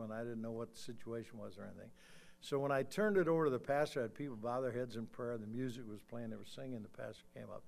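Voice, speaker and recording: A man in his sixties preaching in a church, telling a story and then rising to loud, emphatic calls before leading a quiet prayer. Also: mid-range voice, vocal fry. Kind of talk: sermon with altar call. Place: church sanctuary.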